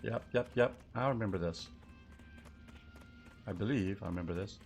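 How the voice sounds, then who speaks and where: A man's voice: deep voice, moderate pace, pauses often, faint music behind. A man streaming a game live, chatting and thinking aloud in a loose, rambling way as he plays. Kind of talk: live gameplay commentary.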